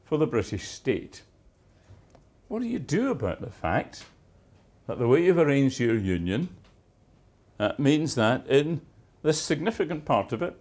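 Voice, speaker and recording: A man's voice: mid-range voice, a little mellow. A man giving a university lecture, with dry, wry asides and emphatic stresses on key words. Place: lecture theatre.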